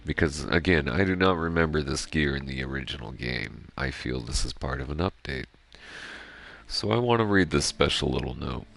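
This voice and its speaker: Very deep, gravelly man chatting. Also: expressive, normal speed, fairly bright tone. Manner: rambling, swears freely, self-reflective. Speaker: gaming streamer. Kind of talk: casual chat while playing.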